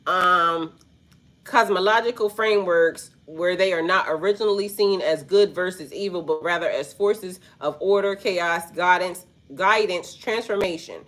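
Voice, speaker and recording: Rambling, slangy spiritual coach woman. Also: fairly low pitch. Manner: rambling, slangy, swears freely. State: stuffy, snotty nose. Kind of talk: casual spiritual talk to viewers.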